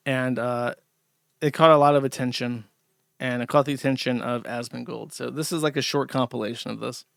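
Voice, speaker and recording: A man's voice: medium pitch, fairly even intonation, brisk, vocal fry, fairly bright tone, clear, resonant tone, dry recording, studio quality. A man hosting a livestream from home, rambling and swearing casually, easily exasperated. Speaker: show host. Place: home in a trailer park.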